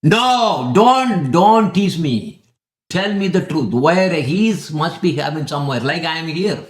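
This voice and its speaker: A man acting out an angry demon king who shouts demanding questions, recorded in an echoey room. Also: fairly high pitch, steady tone, fairly quick, lightly acted. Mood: furious. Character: furious demon king father, male, domineering.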